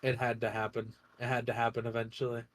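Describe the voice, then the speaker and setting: A man's voice: medium pitch, monotone, fast, a little hiss or hum. A man streaming a game, chatting casually in a rambling way, often laughing and breaking off his own sentences. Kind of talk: casual chat while playing a game.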